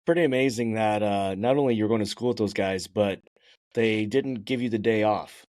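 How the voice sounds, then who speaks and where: A man's voice: fairly low pitch, moderate pace, darkish tone, no room sound. A man hosting a podcast who chats casually, laughs often and asks easygoing follow-up questions. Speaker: podcast host. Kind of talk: casual interview chat.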